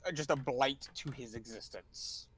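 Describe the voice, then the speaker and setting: A man playing a tabletop game in casual chat, making sarcastic, quick asides. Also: mid-range voice, fairly bright tone. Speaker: player.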